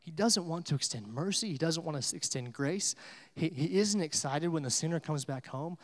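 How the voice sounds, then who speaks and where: A man preaching to a church, his fairly high voice swinging from quiet reflection to loud, emphatic peaks. The sound carries a long, ringing reverb from the sanctuary. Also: animated, moderate pace. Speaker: pastor. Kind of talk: sermon.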